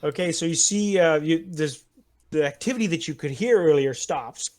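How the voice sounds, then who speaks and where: Running a tabletop war game as game master, a man with a slightly high, somewhat mellow voice narrates at a moderate pace. His descriptive walkthrough of the scene unfolds step by step, punctuated by frequent chuckles.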